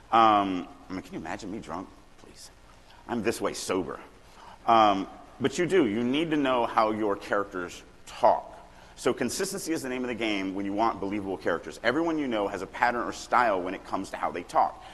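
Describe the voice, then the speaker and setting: A middle-aged Louisiana man with a husky, lowish voice gives a lively writing workshop talk at a conference. He jokes and acts out little examples, and his words ring with long reverb through a large hall.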